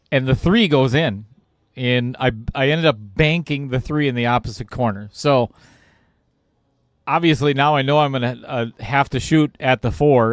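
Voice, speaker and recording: A man's voice: mid-range voice, no echo, studio quality. A man commentating on a pool stream, telling a casual, self-deprecating story about himself and laughing at it. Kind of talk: casual anecdote told on air.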